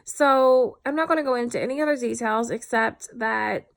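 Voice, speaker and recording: A woman's voice: fairly high pitch, normal speed, gravelly. A tired woman talking candidly in a personal vlog, reflective and full of fillers. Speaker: vlogger.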